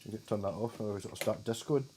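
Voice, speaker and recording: A livestreaming musician with a Scottish accent chats casually with his viewers, rambling, swearing and chuckling. His voice is fairly low and he talks fast, with background noise audible.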